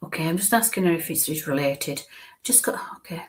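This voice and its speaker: A woman giving a live mediumship reading. She speaks haltingly and repeats herself, stretches names out slowly and sometimes murmurs asides under her breath. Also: low voice, animated. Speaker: spiritualist medium.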